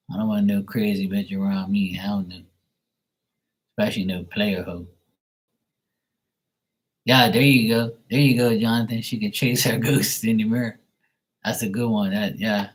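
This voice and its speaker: Deep voiced guy on a tarot livestream, blunt, cussing, ranting casually. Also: poor audio. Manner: blunt, profane, ranting with chuckles.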